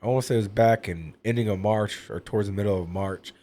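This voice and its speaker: A man's voice: on the low side, fast, warm tone. A man talking openly as a podcast guest, rambling and full of fillers. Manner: rambling, filler-heavy, candid. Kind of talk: casual personal talk.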